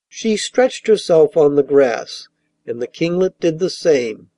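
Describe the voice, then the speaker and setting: A man reading a fairy tale aloud as an audiobook narrator in a measured, even storytelling manner. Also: a little high, dry recording.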